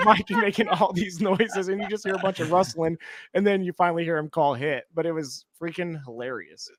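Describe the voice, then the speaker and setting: A man's voice: high-pitched, fairly even intonation, fairly quick, fairly bright tone, a little hiss or hum. A man co-hosting a podcast, retelling events in a laid-back, amused way in casual chat. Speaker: podcast co-host.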